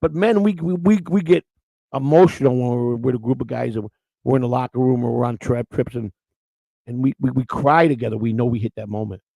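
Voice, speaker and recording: A man's voice: medium pitch, a little fast, vocal fry, mellow, no room sound, low-quality recording. A man hosting a live-stream morning show, rambling in unscripted chat, blunt and crude, restarting his words again and again.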